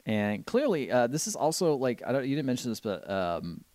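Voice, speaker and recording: A man's voice: medium pitch, sing-song, normal speed, a little mellow, no room sound. A man casually recapping a film on a podcast, rambling and acting out characters' lines in goofy voices. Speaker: podcast co-host. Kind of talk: casual movie recap chat.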